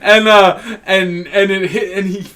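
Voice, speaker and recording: Man, podcast co-host, slightly high voice, crude casual banter, rambling, laughs often, loud acted-out quotes. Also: level tone, unhurried.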